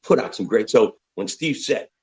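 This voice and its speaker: Here an American rock musician in his fifties is an interview guest, spinning frank, foul-mouthed stories with lively energy. His voice sits on the low side and moves at a moderate pace over a rough recording.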